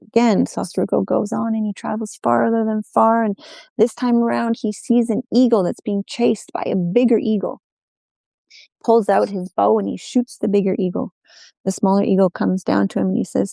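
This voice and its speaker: A woman telling a folk tale aloud in an unhurried way, with repeated refrains. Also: mid-range voice, fairly even intonation, gravelly, mellow, no room sound. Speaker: storyteller guest. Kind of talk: oral folk-tale storytelling.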